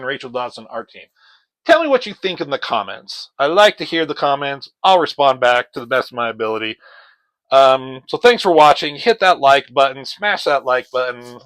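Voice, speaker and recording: A man's voice: medium pitch, fairly bright tone, no room sound, rough recording. A man giving a casual comic book review, rambling and swearing as he retells the story. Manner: profane, rambling, retells scenes in voices.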